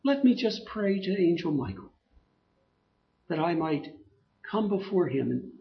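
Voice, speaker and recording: A man putting on a hushed, groveling sanctimonious worshipper. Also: sits high, very animated, a little slow, creaky, roomy sound, heavily acted. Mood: groveling pious. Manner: hushed, self-abasing, overly pious. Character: sanctimonious falsely humble male worshipper, groveling. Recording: dull lo-fi recording.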